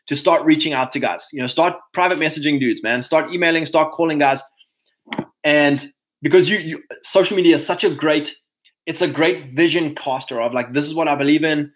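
A man hosting a casual livestream, talking to his viewers in an energetic, preachy way. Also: on the high side, rough recording. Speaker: host.

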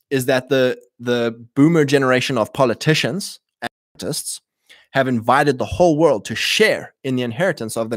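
A man's voice: medium pitch, fairly bright tone, dry recording. Male host, rambling livestream talk, dry close mic. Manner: rambling, repeats himself, many fillers. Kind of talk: casual livestream commentary.

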